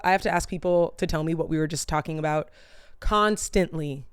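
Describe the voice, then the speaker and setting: A woman's voice: deep voice, steady tone, a little fast, clean tone, dry recording, clean studio sound. A young woman chatting casually to camera, drifting between tangents and losing her thread, with plenty of "like" and the odd swear word. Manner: chatty, tangent-prone, loses her train of thought. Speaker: vlogger. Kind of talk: casual rambling chat to camera.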